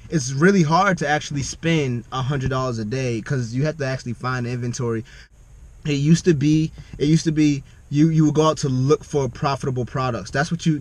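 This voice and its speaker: A young man vlogging casually from his car, excitable and repetitive, talking to his viewers as family. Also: on the high side. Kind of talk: casual vlog talk to camera. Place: in a vehicle, driving.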